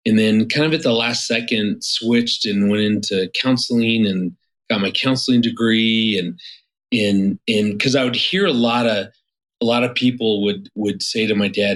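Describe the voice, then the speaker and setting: Low-voiced man telling a rambling story. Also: fairly even intonation, measured pace, a bit bright, low-quality recording. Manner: rambling, many restarts and fillers. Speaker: guest marriage therapist. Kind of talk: casual interview storytelling.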